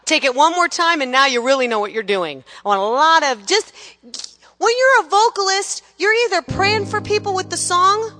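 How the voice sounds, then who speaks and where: A woman's voice: extremely high pitch, normal speed, sharp tone, big-room sound. A woman teaching a gospel singing class, coaching students energetically, counting them in and singing phrases to show them. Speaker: vocal teacher.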